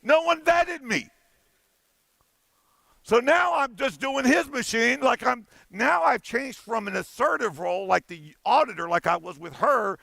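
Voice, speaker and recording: A man on a conference stage tells a story, animated and playful, slipping into the voices of the people in it. His voice sits high and bright with a gravelly edge. The sound is dry and close. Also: moderate pace, hardly any pauses, dry recording. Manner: animated, playful, acts out dialogue. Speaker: conference keynote speaker.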